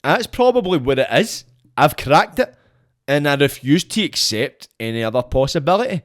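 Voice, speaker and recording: A young Scottish man, a podcast guest, ranting bluntly in casual chat, swearing a lot and shooting up in pitch when he gets worked up. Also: very animated, normal speed. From Scotland.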